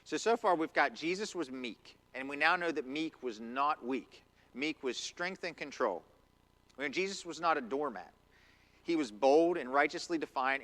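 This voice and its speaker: A man's voice: mid-range voice, a bit bright. A man preaching a conversational sermon in a church, acting out quotes as he goes. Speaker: pastor. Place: church sanctuary.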